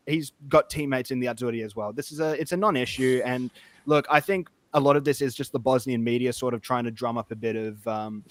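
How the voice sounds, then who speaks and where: A man's voice: mid-range voice, no room sound. A man on a casual podcast chat giving his view earnestly, with a few fillers and restarts.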